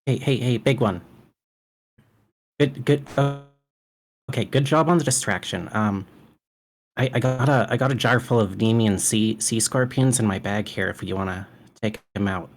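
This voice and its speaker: Brief: a playful wisecracking player, mid-pitched. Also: moderate pace. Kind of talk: casual joking chat.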